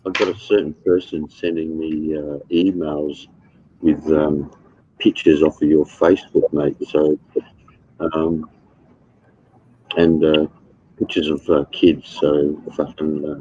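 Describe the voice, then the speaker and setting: A man's voice: very deep voice, level tone, slow, pauses often, dark tone, husky. A man in casual chat, talking hesitantly with many fillers and some swearing, on a dull, muffled mic.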